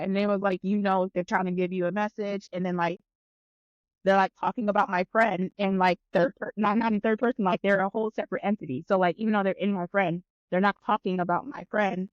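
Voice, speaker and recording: A woman guesting on a podcast chats casually through a lengthy tale, cursing often and voicing both sides of every conversation with lots of energy. She talks fairly quickly at a middling pitch. The close, modest-mic recording comes across dry, a little dull, and free of room sound.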